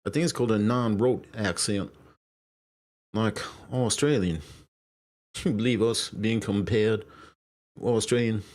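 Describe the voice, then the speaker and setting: A man's voice: fairly low pitch, measured pace, pauses often, darkish tone. A man hosting a casual live stream, rambling, swearing and apologizing as he loses his train of thought. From Brooklyn, New York. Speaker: streamer host.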